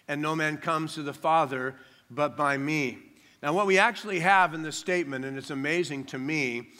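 A man preaching a sermon, stressing phrases slowly and dropping to quiet asides now and then. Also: fairly high pitch. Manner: emphatic preaching, drawn-out phrases, drops to soft asides. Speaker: pastor. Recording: long reverb of a large hall.

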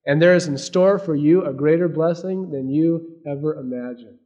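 A man preaching a sermon, swinging between loud emphasis and hushed asides. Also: on the high side, normal speed, dull audio. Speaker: pastor.

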